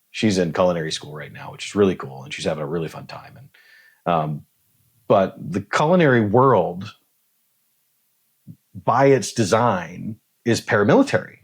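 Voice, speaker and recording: Blunt, husky-voiced man telling stories. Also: low-pitched. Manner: blunt and profane, swears freely; animated storyteller, acts out dialogue. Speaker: podcast guest. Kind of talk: casual conversation.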